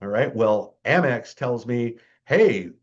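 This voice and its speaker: A man leading a security training session, speaking in a middle-of-the-road pitch. He is conversational and emphatic, and his wry jabs poke fun at scams. The webinar audio sounds muffled and lo-fi. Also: lively intonation, moderate pace. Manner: chatty and emphatic, keeps checking in with "okay?" and "right?"; wry, mocking tone toward scams.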